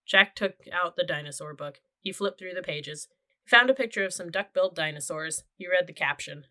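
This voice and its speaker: A woman reading a children's chapter book aloud. Her voice sits a little low, with a bright, forward tone, and she tells the story in a steady, clear way. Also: fairly quick. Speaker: audiobook narrator. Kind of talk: children's audiobook narration.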